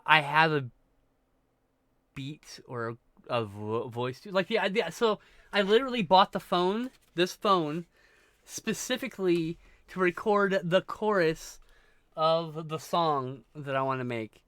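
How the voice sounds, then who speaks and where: A man's voice: fairly high pitch, expressive, a little slow, a bit bright, dry recording. A man streaming live, talking to his chat in a rambling, scattered way with a lot of swearing, and he is stoned. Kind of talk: casual chat with chat.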